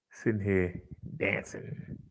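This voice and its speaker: A man vlogging over his own music, bragging about his songs with frequent laughs and casual dialect. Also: deep voice. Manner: laughing, boastful, speaks in dialect.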